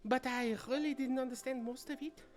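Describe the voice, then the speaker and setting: A streamer voicing a naive, chirpy young noble lady in a high sing-song put-on voice while playing a story game. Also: steady tone, brisk, close to an everyday voice.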